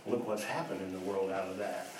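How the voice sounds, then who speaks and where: A man's voice: sits low, fairly even intonation, a little fast. A man preaching a sermon as pastor, earnest and emphatic, asking his congregation rhetorical questions and repeating his points. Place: church. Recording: echoey church, distant mic, faint noise.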